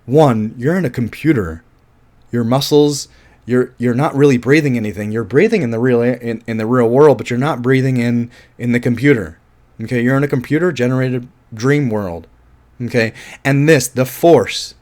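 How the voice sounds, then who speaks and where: Give me a man of average pitch casually reviewing a film, rambling and thinking out loud. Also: normal speed. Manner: rambling, thinking aloud, restarts sentences.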